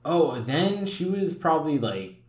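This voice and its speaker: A man's voice: fairly high pitch, very animated, a little slow. A young man hosting a podcast, telling stories in a loose, profane way full of fillers. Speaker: podcast host. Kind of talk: casual chat. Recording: roomy echoey room.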